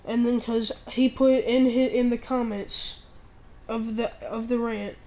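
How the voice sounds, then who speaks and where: Teen girl, ranting vlog, rambling, halting, indignant, slightly high voice, monotone. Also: poor audio. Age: teens. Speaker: channel owner.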